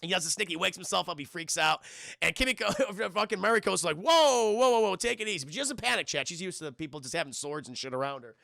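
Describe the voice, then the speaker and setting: Guy riffing on a movie to his stream chat, super gravelly, bright voice, bouncy delivery. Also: fairly high pitch, fast, no room sound, studio quality. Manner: animated, addresses chat constantly, crude jokes, acts out characters. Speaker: film reviewer streaming to live chat. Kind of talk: casual comedic scene-by-scene film recap.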